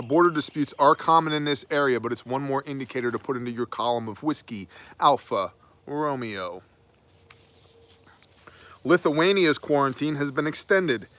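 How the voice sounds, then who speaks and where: Emphatic, preachy man with a bright voice. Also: medium pitch. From United States. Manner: emphatic, preachy, wry asides. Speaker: prepper news commentator. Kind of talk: opinionated daily news monologue.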